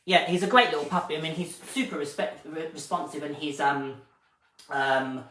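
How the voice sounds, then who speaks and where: A dog trainer with a bright, forceful voice on the high side explains his methods at normal speed during a live-streamed training session, pausing to praise a puppy. The sound is roomy and distant from the mic, with faint noise.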